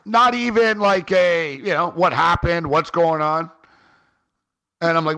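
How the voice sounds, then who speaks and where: A man's voice: fairly high pitch, measured pace, pauses often. A man co-hosting a sports radio show, telling a rambling story in casual chat and peppering it with "like" and "man". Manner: animated, rambling, frequent "like" and "man". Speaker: fantasy sports radio co-host. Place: on a trip in Halifax.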